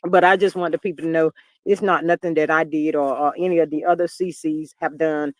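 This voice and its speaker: A man in his fifties hosting a livestream, chatting in an expressive way, reading viewer comments and often calling listeners "child". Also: on the high side, a little fast, no room sound, studio quality. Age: 50s. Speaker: livestream host.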